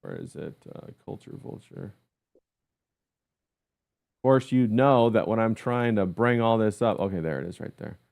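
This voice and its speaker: Low-voiced man hosting a livestream. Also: lively intonation, measured pace, gravelly, pauses often, darkish tone. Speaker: livestream host. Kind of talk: casual livestream chat.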